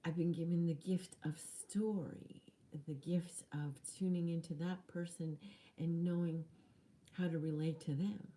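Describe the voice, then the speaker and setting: A woman coach telling a personal story in an animated way, often dropping into hushed, whispery asides. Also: fairly low pitch, measured pace. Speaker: spiritual coach.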